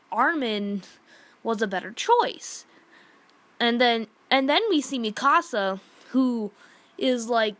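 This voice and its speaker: Her voice is fairly high and fairly bright as this manga reviewer rambles through an exasperated, casual rant. She retells the events indignantly, using "like" over and over.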